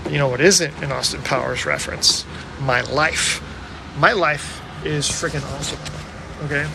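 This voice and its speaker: A man jokes and rambles in casual banter, his voice sitting a bit high. He talks with a mock-dramatic edge. An air conditioner hums clearly behind him. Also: moderate pace, noisy background.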